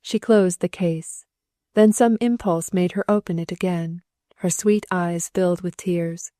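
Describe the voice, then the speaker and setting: A woman narrating a classic novel as an audiobook, gentle and measured, close to the mic. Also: fairly low pitch, steady tone, no echo. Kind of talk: scripted narration.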